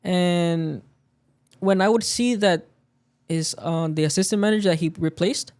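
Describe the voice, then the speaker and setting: A man's voice: high-pitched, measured pace, a little mellow, clean tone. A man in casual podcast chat, telling a story about work and acting out the quoted lines of the people in it. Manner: storytelling, acts out quoted dialogue. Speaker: podcast guest.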